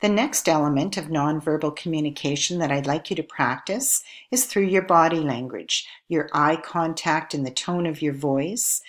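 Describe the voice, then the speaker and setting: A woman with a low voice narrates a recorded lesson. She speaks clearly and at a measured pace, posing question after question to her viewers as an instructor.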